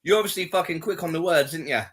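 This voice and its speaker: Male streamer, husky voice, needling tone, echoes his caller's words back to mock her. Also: on the high side, fast, a bit bright. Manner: mocking, taunting, parrots the other's words. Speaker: livestreamer chatting with strangers. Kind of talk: casual live chat.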